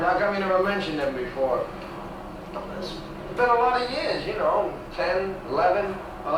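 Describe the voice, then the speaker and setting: A streetwise young road-tripper, echoey and noisy. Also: male voice, high-pitched, distant mic. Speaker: actor in a 1960s TV drama. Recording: old TV clip played in an echoey hall, noisy.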